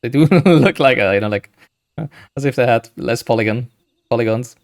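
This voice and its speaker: A man's voice: medium pitch, moderate pace. A man giving casual, rambling gameplay commentary, thinking aloud with frequent hesitations. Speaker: gaming streamer.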